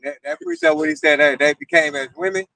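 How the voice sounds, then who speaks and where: A man in casual group talk who speaks haltingly and repeats words as he goes. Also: very high voice, sing-song, vocal fry, pushed and bright, dry recording, distant mic. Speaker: participant in a group discussion.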